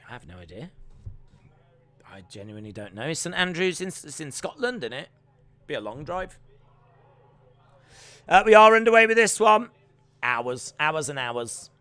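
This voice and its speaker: Man, young, bright tense voice, chatty rambling stream commentary, dry close sound. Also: fairly high pitch, dry recording. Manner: rambling and chatty, rising to excited play-by-play. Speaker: live stream host. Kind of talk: live watch-along commentary and chat.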